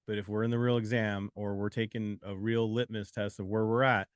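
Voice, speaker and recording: A man's voice: lowish voice, flat delivery, brisk, clear, resonant tone, no echo, clean studio sound. A man co-hosting a live exam study lesson, joking around and encouraging viewers while summing up the point. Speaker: exam prep co-host.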